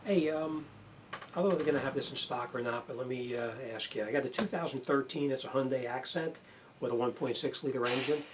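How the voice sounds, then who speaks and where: A man's voice: medium pitch, a little fast, background noise. A man, an auto mechanic talking casually and bluntly as he walks viewers through a hands-on repair.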